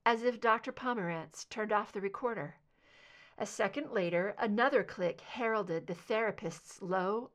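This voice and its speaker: A woman narrating a fan fiction audiobook in a steady, even storytelling manner. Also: medium pitch. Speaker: audiobook reader.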